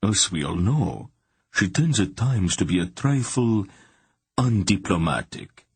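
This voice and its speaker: Brief: narrator as wry peacemaking king, low husky voice, dry. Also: big pitch swings, unhurried, a little mellow, dry recording, exaggerated voice. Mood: placating. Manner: smooth, placating. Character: big diplomatic old king, wry.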